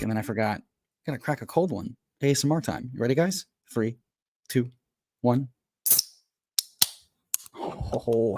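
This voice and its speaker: A man hosting a casual livestream from home, hyped and folksy, who keeps calling people brother and bursts into loud pep talks. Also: medium pitch, unhurried, pauses often, faint music behind. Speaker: host.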